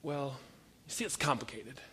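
A man's voice: medium pitch, moderate pace, a little hiss or hum, natural voice. A man doing a hesitant young trainer. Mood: unsure. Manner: hesitant, hedging, quiet. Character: mild young male trainer, evasive and unsure.

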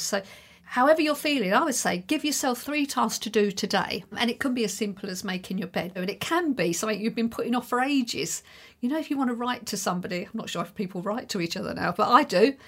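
A woman's voice: fairly high pitch, animated, quick pace, fairly bright tone. A middle-aged woman hosting her own podcast, talking alone to listeners in a chatty, reassuring and encouraging way. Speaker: podcast host. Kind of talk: solo podcast monologue.

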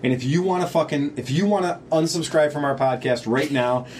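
A man's voice: fairly high pitch, fairly quick, a little mellow, a little hiss or hum. A man co-hosting a podcast in casual chat, rambling, sarcastic and swearing freely. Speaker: podcast co-host.

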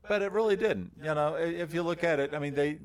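A man co-hosting a podcast with a baritone voice, telling a long story in a relaxed, rambling way with lots of fillers. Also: quick pace. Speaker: podcast co-host. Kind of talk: casual chat.

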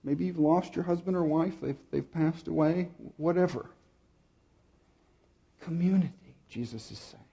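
A middle-aged man preaching a sermon, telling a personal story with pauses and repeated words. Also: on the high side, vocal fry, dark tone. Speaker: pastor.

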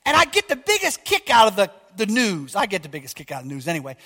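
A man's voice: sits high, huge pitch swings, fairly quick, sharp tone, husky. A man preaching a fiery sermon as pastor, emphatic and often asking his congregation whether they are listening. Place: church. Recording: long hall reverb.

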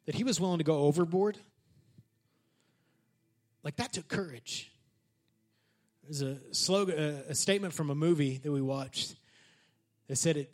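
A male pastor preaching a sermon in an animated, conversational way, often turning to the congregation with questions. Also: on the high side, brisk, long pauses.

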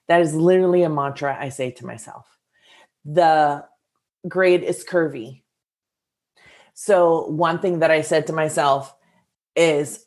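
A woman with a lowish voice speaks straight to her listeners in a motivational talk. She sounds casual and earnest, with filler words here and there, and keeps an encouraging, coaching tone throughout. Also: lively intonation, unhurried.

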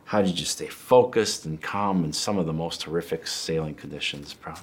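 A male podcast host with a very deep, husky voice draws stories out of his guest. He asks curious, leading questions in an interview format. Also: normal speed.

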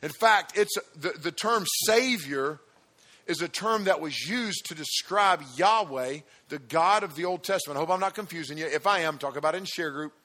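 High, bright-voiced energetic male preacher. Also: normal speed. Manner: energetic, emphatic, talks directly to the audience. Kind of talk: sermon.

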